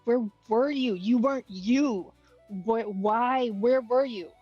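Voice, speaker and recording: A woman's voice: on the high side, takes it slowly, warm tone, breathy edge, faint music behind. A woman voicing an intense, agitated young woman who speaks in short, insistent bursts. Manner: insistent, clipped. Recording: dull lo-fi mic.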